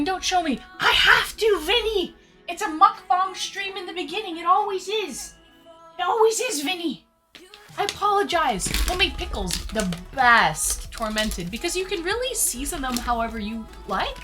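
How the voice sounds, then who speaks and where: A woman's voice: sits high, bright, forceful tone. A woman live-streaming, chatting casually with her viewers, greeting them by name and laughing a lot. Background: faint background music.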